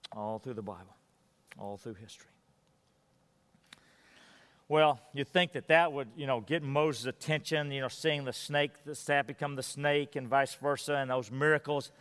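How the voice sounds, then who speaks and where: A man preaching a sermon emphatically, sinking to quiet, intense low tones on key points. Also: big-room sound. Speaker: pastor.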